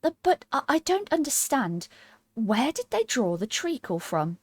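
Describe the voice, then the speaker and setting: A woman's voice: sits high, big pitch swings, measured pace, no echo, voice pushed up, full character voice. A woman voicing a curious, polite young girl who speaks earnestly and gets flustered. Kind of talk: storybook character voice.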